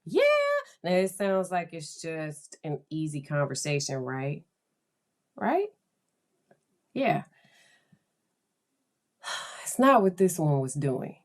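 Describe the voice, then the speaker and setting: Low-voiced chatty woman. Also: measured pace. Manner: chatty, anecdotal, laughs often. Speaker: counselor and blog host. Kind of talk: casual podcast monologue.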